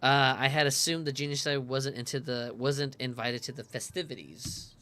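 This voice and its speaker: A man's voice: medium pitch, steady tone, moderate pace, pushed and bright, natural voice. A man reading the polite lines of a poised adult woman, keeping his own voice.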